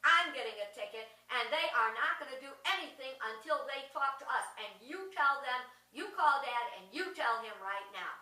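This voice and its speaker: Woman as a bossy daughter, commanding, bright, echoey room. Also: high voice, animated, normal speed, hardly any pauses. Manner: commanding, firm orders. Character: take-charge grown daughter, bossy and decisive. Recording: roomy echo, mic at a distance.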